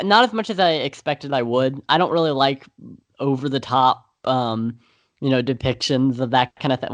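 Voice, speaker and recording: A young man talks through a horror film on a podcast. He rambles, restarts his sentences and fills gaps with "um" and "you know" at a middle pitch. The sound is dry and close. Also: dry recording. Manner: rambling, many fillers and restarts. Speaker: podcast co-host. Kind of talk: casual movie discussion.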